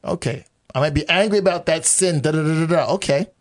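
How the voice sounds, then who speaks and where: A man teaching from the Bible in a relaxed conversation. He often restarts his sentences and acts out what God might say. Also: on the high side, fast talker. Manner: animated, acts out God's voice in quotes; restarts and repeats phrases often.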